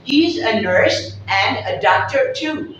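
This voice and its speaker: A woman from Pakistan explaining English accents to viewers as a teacher, repeating herself and pausing on fillers. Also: a little high, lively intonation, fairly bright tone. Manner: repetitive, explanatory, frequent fillers. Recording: very echoey room, distant mic, dull sound, faint noise.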